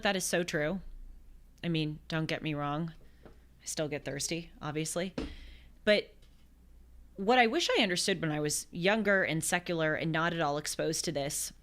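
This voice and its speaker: A woman in her twenties hosting a show, telling a gospel story in a lively conversational way with quick asides and acted quotes. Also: on the low side. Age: 20s. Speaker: host. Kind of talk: conversational religious commentary.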